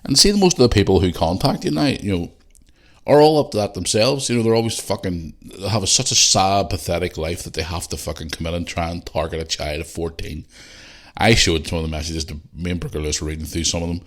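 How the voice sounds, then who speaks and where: A middle-aged man with a Northern Irish accent hosting a podcast, rambling and swearing, and growing heated and loud. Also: low voice, a little fast. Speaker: podcast host. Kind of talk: casual monologue.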